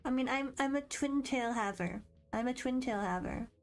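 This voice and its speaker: Young streamer girl, high voice, bubbly and rambly, faint music under her. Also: normal speed. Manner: bubbly, rambling, self-deprecating. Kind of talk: casual live-stream chat, reading quiz aloud.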